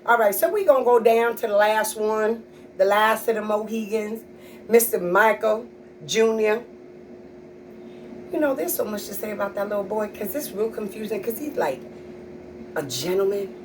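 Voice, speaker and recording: A woman's voice: mid-range voice, moderate pace, pauses often, distant mic, slight background noise, low-quality recording. A middle-aged woman comedian telling stories about her kids in a sassy, blunt, profane way. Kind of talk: stand-up storytelling.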